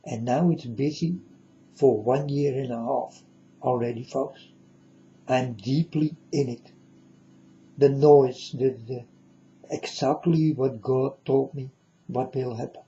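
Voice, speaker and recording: A man with a very dark, mellow voice delivers a solemn, rambling monologue at an unhurried, slow pace. He repeats himself and keeps turning to his listeners as folks. The recording sounds dull and lo-fi. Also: medium pitch, steady tone. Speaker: self-styled prophet. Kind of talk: rambling spoken monologue to viewers.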